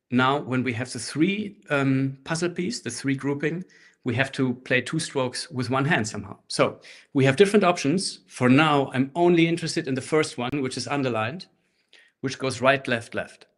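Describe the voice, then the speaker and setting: A man teaching a live online handpan workshop, explaining rhythms in a relaxed way and chanting rhythm syllables, recorded through a laptop microphone. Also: medium pitch, moderate pace. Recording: faint handpan music behind. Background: handpan playing.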